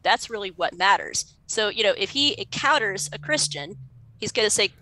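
A woman's voice: mid-range voice, animated, normal speed, pushed and bright, no room sound, poor audio. A woman speaking as a guest in an interview, chiming in eagerly and agreeing. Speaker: talk show guest. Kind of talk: conversational interview.

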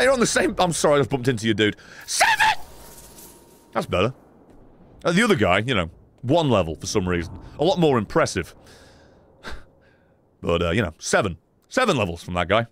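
A man streaming a video game live, commenting excitably and swearing often. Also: medium pitch, brisk, pauses often. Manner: excitable, profane, chatty.

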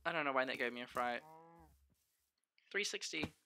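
Young man, streamer, casual game commentary, sweary, talks to chat, crackly fry. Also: medium pitch, moderate pace. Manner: chatty, sweary, bursts of excited exclamations; talks to the chat and himself as he plays.

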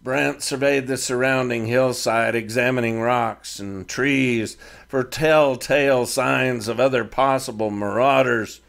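A man reads his own Western story aloud, taking his time over each line. His voice is gravelly and unhurried, sitting at an ordinary middle pitch. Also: fairly even intonation, a bit bright. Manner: slow, measured reading of fiction. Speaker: author and narrator. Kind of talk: scripted narration.

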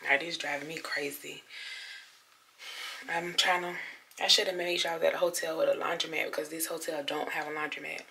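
Sore post-surgery woman, bright tense voice with gravel, faint room hiss behind. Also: sits low. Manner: chatty, talks straight to viewers as y'all. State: sore, recovering after surgery. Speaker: vlogger. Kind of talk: casual vlog talk to camera. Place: hotel room, indoors.

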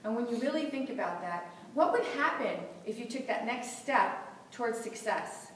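A middle-aged woman giving a motivational talk to a live audience, animated and laughing often as she acts out inner voices. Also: on the high side, normal speed, a little hiss or hum. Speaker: motivational speaker. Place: seminar room with audience. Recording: echoey hall, voice from far off.

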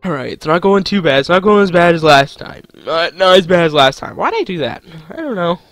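A man's voice: high-pitched, very animated, brisk, fairly bright tone, dry recording, faint music behind. A young man commentating his own gameplay, joking to himself and swearing at the game. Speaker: gaming channel host.

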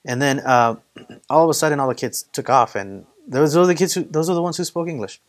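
A pastor leads a casual Bible study sermon, conversational and packed with stories and acted-out quotes. His voice is fairly high in pitch and brisk.

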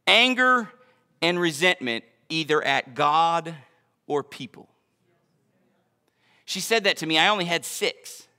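A man preaching a sermon as pastor, in an energetic, conversational way with joking asides. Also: a little high, slow, pauses often, long reverb tail.

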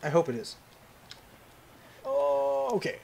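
A man's voice: very high voice, sing-song, slow pace, vocal fry, a little mellow. A young man giving let's play commentary on a horror game, rambling and joking to himself. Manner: jokey, rambling self-talk. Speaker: gaming commentator.

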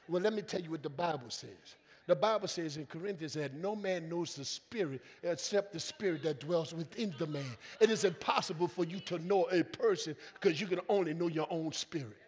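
Man, pastor, preaching sermon, high voice, call-and-response, church hall reverb. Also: brisk, few pauses. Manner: call-and-response preaching, swelling to loud emphatic lines; acts out quoted voices in conversational vernacular. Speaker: senior pastor. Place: church sanctuary.

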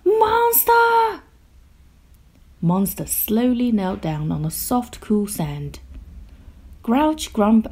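Storyteller, woman; unhurried, lively pitch, breathy, children's picture book read-aloud. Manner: slow, gentle and expressive, drops to a hush.

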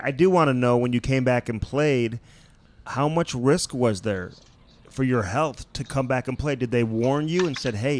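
A man's voice: medium pitch, slight background noise. A man hosting a podcast, asking earnest, direct questions in a casual chat. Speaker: podcast host.

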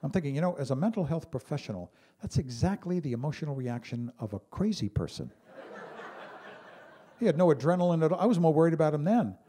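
A man performing a stand-up comedy routine on stage, telling stories with lively impressions of other people. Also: fairly high pitch, fast, breathy edge. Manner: animated storyteller, mimics calm pilots and a Brooklyn guy. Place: stage before a live audience.

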